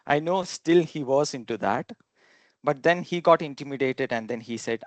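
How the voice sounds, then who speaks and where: A man's voice: mid-range voice, moderate pace, dry recording. A man from India, giving a talk to an audience and telling humorous personal stories, now and then chuckling and acting out quotes.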